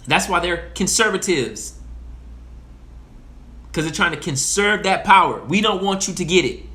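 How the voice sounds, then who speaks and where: A man's voice: high voice, expressive, moderate pace, bright, forceful tone. A young man of Haitian heritage giving a passionate, profane monologue that repeats its points. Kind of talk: casual monologue.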